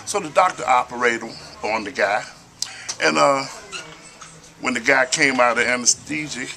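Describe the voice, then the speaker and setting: A man's voice: medium pitch, moderate pace, vocal fry, bright, forceful tone, a little hiss or hum. A man telling dirty jokes in a casual, folksy drawl, acting out stutters and punchlines. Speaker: joke teller. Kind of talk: casual joke telling to camera.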